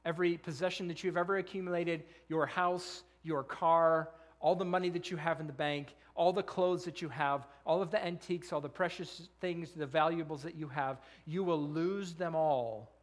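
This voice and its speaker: A man's voice: on the high side, fairly even intonation, moderate pace, few pauses. A middle-aged man, a pastor, preaching a sermon, earnestly reading scripture and asking the congregation rhetorical questions.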